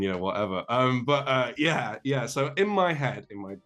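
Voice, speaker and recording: A man's voice: mid-range voice, expressive, normal speed, few pauses, fairly bright tone, soft background music. A young English man, a guest on a remote call, telling a self-deprecating story in a rambling way, with many fillers and restarts. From England. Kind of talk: casual storytelling.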